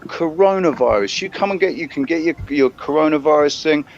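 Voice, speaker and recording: A man's voice: a little high, animated, fairly quick, muffled recording, a little hiss or hum. A man co-hosting a live chat show, rambling and repeating himself as he talks over the others. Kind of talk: casual chat over a call.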